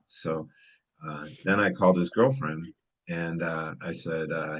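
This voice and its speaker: A middle-aged man, an emergency physician, talking casually with students and telling stories in a relaxed, conversational way with many fillers. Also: deep voice, normal speed, low-quality recording. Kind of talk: casual storytelling talk.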